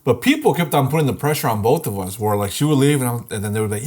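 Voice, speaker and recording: A man's voice: medium pitch, very animated, racing, a little mellow. A young man co-hosting a podcast, telling a laid-back story in casual chat and swearing freely. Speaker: podcast co-host.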